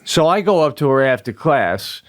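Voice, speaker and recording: A man's voice: medium pitch, big pitch swings, normal speed, no room sound. Man, middle-aged, podcast co-host, rambling, laughs a lot, swears, dry close sound. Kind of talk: casual comedic chat.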